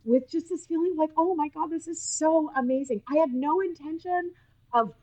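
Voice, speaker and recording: A woman from Utah, a nurse, telling animated stories as a podcast guest, often laughing and acting out what people said. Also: high voice, normal speed, low-quality recording. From Utah, USA. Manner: animated, laughing, acts out quoted speech. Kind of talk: casual interview storytelling.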